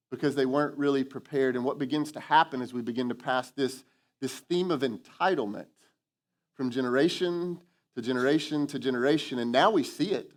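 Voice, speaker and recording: A man preaching a sermon as lead pastor in a church, lively and animated, acting out quoted voices and calling for responses from the congregation. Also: on the high side. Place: church sanctuary.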